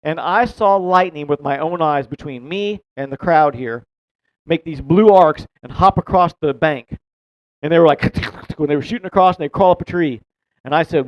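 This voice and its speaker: Animated storytelling man, slightly high voice. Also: moderate pace, no room sound. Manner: animated, rambling, swears, laughs while telling. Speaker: podcast co-host telling a fishing story. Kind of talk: casual storytelling. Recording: dull, dry close-mic sound.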